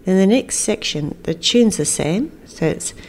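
A woman leads a lullaby lesson in a gentle, unhurried voice. She talks slowly through each step, then sings the lines softly for parents to sing back. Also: mid-range voice, lively intonation. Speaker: lullaby teacher. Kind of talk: teaching a song to parents.

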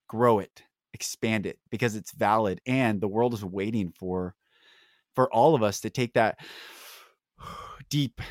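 A man's voice: lowish voice, dry recording, clean studio sound. A man hosting a podcast, talking in an earnest, encouraging way and repeating affirmations. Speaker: podcast host. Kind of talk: heartfelt motivational conversation.

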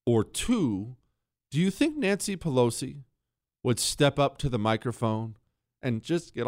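A man's voice: medium pitch, big pitch swings, a little slow, darkish tone, no echo, clean studio sound. A man hosting a talk radio monologue, ranting in a sarcastic way. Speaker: radio host.

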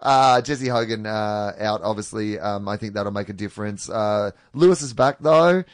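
A man's voice: on the low side, normal speed, no echo. A man co-hosting a casual sports podcast, chatty and jokey with lots of fillers. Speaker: podcast co-host.

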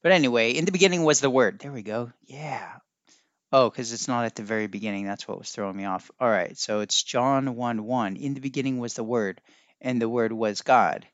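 Speaking at a normal speed with medium pitch, a man hosts a casual podcast, wandering through his thoughts and pausing to look things up mid-talk. The audio is muffled, with no room sound.

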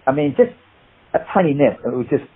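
Husky man telling stories down a phone line. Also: on the high side, fast talker. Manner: animated storyteller, rambling. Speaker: guest, martial arts actor. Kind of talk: anecdotal interview chat.

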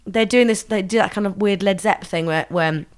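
A woman from England in casual podcast chat, animated and swearing freely as she mimics singers. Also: medium pitch, moderate pace, clear, resonant tone. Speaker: podcast co-host.

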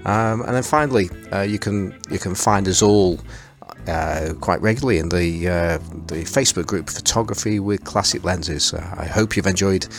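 A man's voice: low voice, moderate pace, soft background music. A man from England, hosting a podcast in casual, hesitant chat full of fillers. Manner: rambling, hesitant, many fillers. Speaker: podcast host. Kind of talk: casual chat over a call.

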